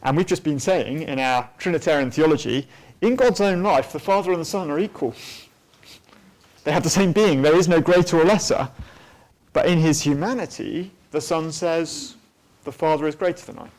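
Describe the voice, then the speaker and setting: A man's voice: fairly high pitch, moderate pace, a little mellow. A man giving a church teaching talk on theology, thoughtful and unscripted, with frequent ums and restarts. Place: church hall at a weekend away.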